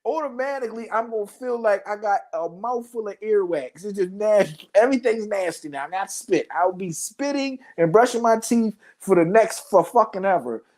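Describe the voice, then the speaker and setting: A man hosting a show, ranting for comedy in a loud, exclaiming, profane way, repeating lines for emphasis and jumping from low mutters to high outbursts. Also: lively intonation, normal speed, hardly any pauses. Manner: loud exclaiming, big pitch swings, profane. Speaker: host. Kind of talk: comedic rant.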